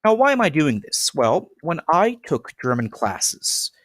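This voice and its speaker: A man's voice: on the high side, very animated, measured pace, dry recording, studio quality. A young man giving an earnest lesson presentation on pronunciation, with frequent fillers and restarts. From United States. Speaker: language teacher. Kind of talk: explanatory presentation.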